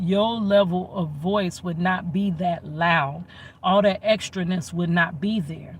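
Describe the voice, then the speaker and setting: A man telling a personal story in an animated way, acting out both sides of arguments and repeating himself for emphasis. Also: sits high, measured pace. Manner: emphatic and repetitive. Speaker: storytelling vlogger. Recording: distant mic with faint background noise.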